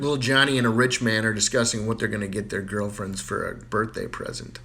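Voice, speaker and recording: A man tells jokes in a loose, casual way. His setups are relaxed and conversational, with the odd filler as he goes. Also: fairly low pitch, fairly quick, creaky, few pauses, a little hiss or hum. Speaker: joke teller. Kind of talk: casual joke telling.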